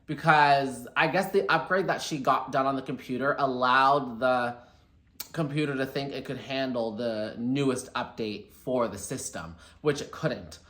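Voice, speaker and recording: Young man, bright chatty storyteller, echoey room. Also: medium pitch. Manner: chatty and animated, quotes people in quick asides. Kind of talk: casual storytime vlog.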